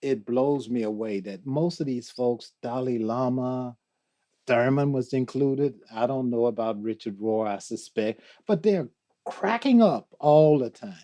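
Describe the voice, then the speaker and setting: An older man as a guest in an interview, talking slowly and reflectively, reciting poetry and laughing often. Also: mid-range voice, mellow. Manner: slow, musing, quotes poetry, laughs often. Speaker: guest, theologian.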